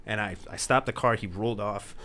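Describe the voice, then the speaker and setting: A man's voice: fairly low pitch, brisk, pushed and bright, a little hiss or hum. A man, a podcast guest, casually telling stories with bursts of laughter. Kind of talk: casual storytelling.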